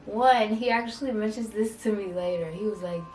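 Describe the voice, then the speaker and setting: A young woman vlogger telling a dramatic storytime, acting out quoted dialogue in a lively way. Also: mid-range voice, brisk. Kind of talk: storytime vlog. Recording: roomy echo from a distant mic with faint music.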